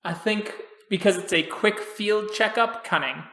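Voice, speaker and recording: Calm game master in an echoey room. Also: male voice, sits high, unhurried. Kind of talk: narrating a tabletop game.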